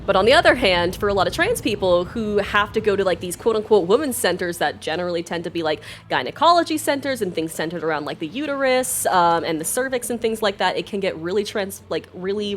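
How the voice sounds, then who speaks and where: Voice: medium pitch, slight background noise. A nonbinary livestreamer chatting casually and earnestly while gaming, rambling with many fillers. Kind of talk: casual chat while playing a game.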